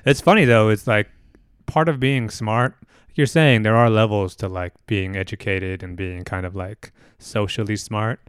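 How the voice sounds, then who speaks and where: A man's voice: on the low side, steady tone, normal speed, clean tone, no echo, clean studio sound. A man in casual chat, laid-back and musing, loose with his fillers.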